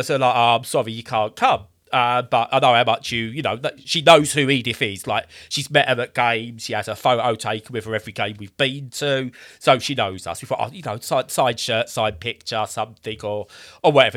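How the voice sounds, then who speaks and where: A man's voice: mid-range voice, sharp tone. A man in his thirties telling a rambling story in a casual way, acting out the voices he quotes.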